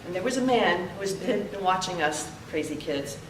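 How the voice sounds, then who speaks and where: An older woman giving a heartfelt memorial tribute, telling stories with pauses. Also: on the low side, animated, noisy background. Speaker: eulogy speaker. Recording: echoey room, heard from a distance.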